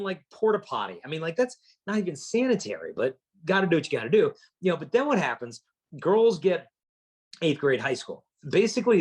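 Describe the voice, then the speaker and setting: A man speaks to a hall full of students, his slightly raised voice swinging widely up and down as he tells stories. His tone is husky, and he slips into quick impressions of the teenagers he describes. He keeps it lively and conversational, like a youth speaker working the room. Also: fairly high pitch. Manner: animated storyteller, acts out voices of teens. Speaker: chastity speaker. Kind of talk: motivational talk to students.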